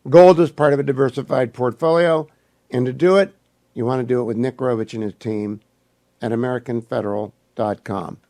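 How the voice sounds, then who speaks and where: Older guy on talk radio, a bit hoarse, punchy ad reads, repeats the phone numbers, average pitch. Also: steady tone, brisk, warm tone. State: losing his voice. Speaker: radio talk show host. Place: radio studio.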